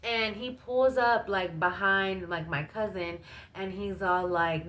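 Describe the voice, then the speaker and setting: A woman's voice: mid-range voice, fairly even intonation, slow, a bit bright. A woman vlogger telling a story in a casual storytime, chatty and full of fillers and asides to her viewers.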